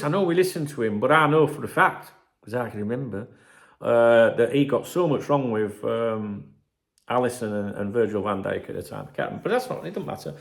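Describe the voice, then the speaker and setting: A man hosts a football vlog in a loose, rambling rant. His voice is middle-pitched and full of swearing and bitter banter. He jumps from one thought to the next. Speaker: football channel host. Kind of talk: casual ranting vlog.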